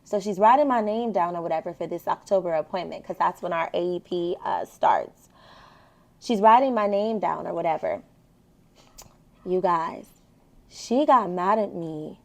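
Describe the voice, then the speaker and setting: Black vlogger lady, super chatty, keeps saying you guys, telling viewers about a rough work call. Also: mid-range voice, moderate pace. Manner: chatty, animated, addresses viewers directly. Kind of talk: casual storytelling vlog.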